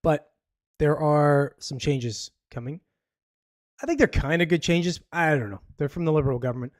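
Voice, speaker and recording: A man's voice: a little high, lively intonation, moderate pace, dry recording, clean studio sound. A man from Canada hosting a live podcast, rambling through news topics in blunt, casual talk with swearing and nervous laughs. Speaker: podcast host. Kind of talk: casual live-stream commentary.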